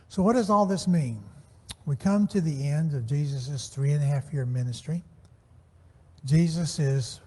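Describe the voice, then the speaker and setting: Mellow-voiced man teaching a Bible class. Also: a little high, husky. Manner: measured, slows to stress scripture phrases. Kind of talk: Sunday Bible class lesson. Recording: church hall with long reverb.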